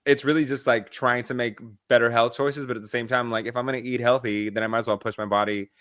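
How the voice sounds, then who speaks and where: A man co-hosting a casual podcast, talking in a relaxed, hesitant way with lots of fillers. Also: medium pitch, quick pace, dry recording, studio quality. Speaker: podcast co-host. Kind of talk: casual chat.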